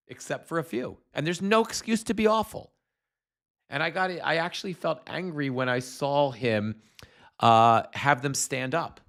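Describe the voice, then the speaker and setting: Profane, stammering angry male commentator. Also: on the high side. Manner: profane, stammering, incensed ranting. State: congested with postnasal drip. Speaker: political commentator streaming a hearing.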